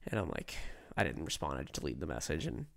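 A man's voice: rumbling low, sing-song, fast, gravelly, fairly bright tone. A young man co-hosting a podcast, telling a long story in a loose, rambling way. He fills his sentences with "like" and "right?" and acts out what other people said. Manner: acts out quoted voices while telling stories. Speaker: podcast co-host. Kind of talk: casual storytelling chat.

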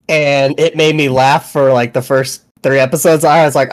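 Male podcast co-host, profane and laughing, animated storyteller. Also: medium pitch, normal speed. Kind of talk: casual chat.

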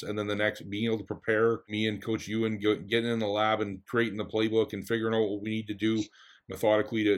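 A man hosting a casual podcast interview. He is also a football coach and asks long, rambling questions. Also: lowish voice.

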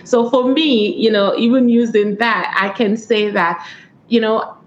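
A woman's voice: on the high side, steady tone, measured pace, slight background noise. Jamaican woman, testimonial, echoey lo-fi. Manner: earnest, testimonial, laughs often. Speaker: guest author and coach. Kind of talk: conversational interview answers. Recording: echoey, dull lo-fi room sound.

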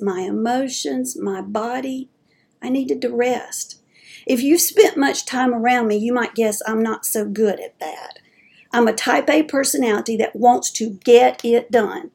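A woman's voice: a little high, gravelly, darkish tone, breathy edge. A middle-aged woman giving an earnest, homespun, faith-based personal talk as a dementia advocate. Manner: earnest, homespun storytelling with folksy phrasing.

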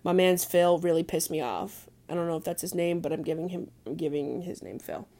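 A young woman venting in a casual vlog, blunt and crude, with lots of "like" fillers and the odd hushed aside. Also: lowish voice, brisk. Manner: drops to hushed asides now and then. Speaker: vlogger. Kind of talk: casual profane venting monologue.

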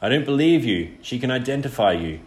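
A man's voice: mid-range voice, animated, brisk, voice pushed up, natural voice. A man voicing a brave, defiant boy who speaks in an urgent, earnest way in an audiobook reading. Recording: roomy echo.

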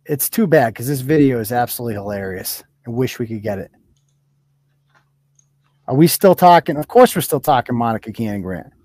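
A man hosting a casual livestream chat, blunt and profane and quick to laugh at his guests. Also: mid-range voice, lively intonation, a little mellow, no room sound. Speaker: host.

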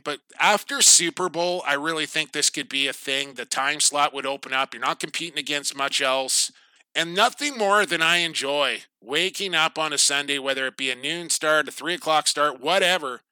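A man's voice: on the high side, sharp tone, dry recording. A man hosting a casual sports podcast, chatty and upbeat, often trailing off at the ends of his thoughts. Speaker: podcast host.

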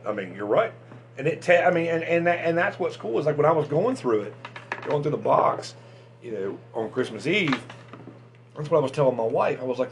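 A man hosting a fishing channel, chatting casually and excitably about tackle, with lots of restarts and fillers. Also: a little high, fairly quick, a little hiss or hum.

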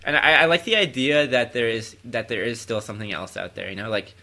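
A man's voice: medium pitch, brisk, bright, forceful tone. A man co-hosting a podcast, musing hesitantly in casual chat. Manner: musing, hesitant, frequent agreeing murmurs. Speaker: podcast co-host.

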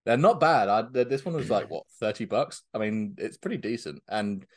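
Guest guy on a movie podcast, lively voice, makes fun of himself. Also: fairly low pitch, moderate pace, dry recording, clean studio sound. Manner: self-mocking, laughs at own jokes. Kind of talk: casual film podcast chat.

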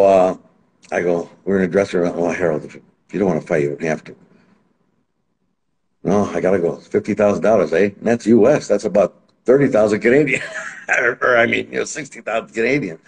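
Low-voiced man telling animated stories. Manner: animated, acts out quotes in other voices. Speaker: interview guest. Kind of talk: casual anecdotal storytelling.

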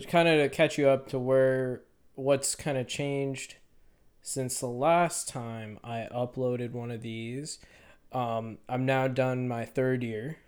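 Young male podcast host, twenties, clear resonant voice, loose rambling delivery full of restarts. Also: mid-range voice. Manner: rambling, halting, self-correcting. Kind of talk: unedited solo podcast monologue.

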